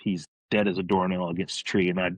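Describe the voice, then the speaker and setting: A man on a podcast, telling a story in a casual, excited way, rambling, restarting his sentences. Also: low voice, fast talker, low-quality recording.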